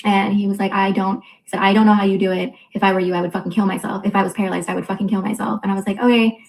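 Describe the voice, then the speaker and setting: Fast-talking, flat-toned young woman. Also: medium pitch, creaky, low-quality recording. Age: 20s. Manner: candid, blunt retelling with frequent profanity; quotes others in quick reported dialogue. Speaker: vlogger. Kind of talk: personal storytime vlog.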